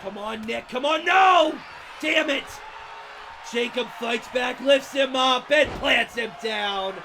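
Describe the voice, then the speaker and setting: Biased wrestling commentator, man, shouting over a roaring arena crowd and loud noise. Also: very high-pitched, takes it slowly, vocal fry. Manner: openly biased, shouting, swearing, cheering on favorites. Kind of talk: play-by-play commentary.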